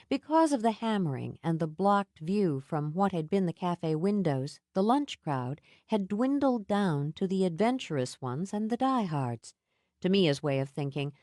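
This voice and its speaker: A woman reading a novel aloud with expressive, storytelling delivery. Her voice sits fairly low yet moves with lively rises and falls, and the recording is dry and close. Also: no echo. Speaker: audiobook narrator. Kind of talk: scripted narration.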